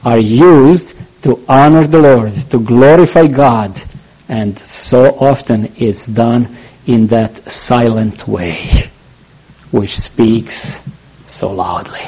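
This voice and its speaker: Male preacher, earnest and halting sermon delivery, warm mellow tone. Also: mid-range voice, husky, poor audio. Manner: halting, searching for words, earnest.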